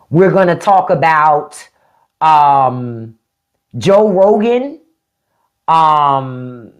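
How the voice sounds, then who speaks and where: A middle-aged woman with a DC-area accent, hosting a casual live stream and talking bluntly with plenty of swearing. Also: deep voice. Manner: blunt, profane, animated. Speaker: podcast host. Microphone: phone or desk mic on a live stream.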